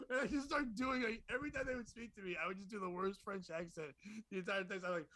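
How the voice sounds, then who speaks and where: A man's voice: sits high, quick pace, pushed and bright, dry recording. A man telling rambling comic stories in a casual chat, laughing often. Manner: rambling storyteller, frequent laughter. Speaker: podcast host.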